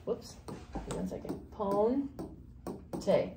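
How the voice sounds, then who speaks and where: A fairly high-voiced woman teaches a grammar lesson, walking through each step and asking her class questions. The room is echoey, with a faint hiss beneath her. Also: unhurried, pauses often. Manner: explains step by step, asks questions. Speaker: Spanish teacher.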